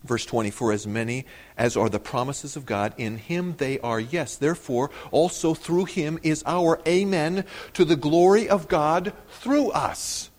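A man preaching an expository sermon, acting out the quoted words with sudden rises in pitch and loudness, and sometimes repeating words as he explains. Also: measured pace. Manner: animated preaching, rising sharply on quoted words. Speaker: pastor.

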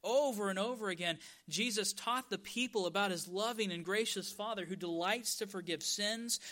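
A man preaching a sermon as pastor, stressing key words by drawing them out slowly. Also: sits high, fairly bright tone.

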